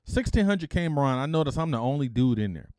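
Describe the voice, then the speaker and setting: A middle-aged man from Detroit hosts his own podcast, telling his life story in a loose, casual way. His voice sits at a middle pitch, and he acts out the dialogue with a lot of animation, peppering it with "freaking". The recording is dry, with no room echo. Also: big pitch swings, quick pace, darkish tone. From Detroit, United States.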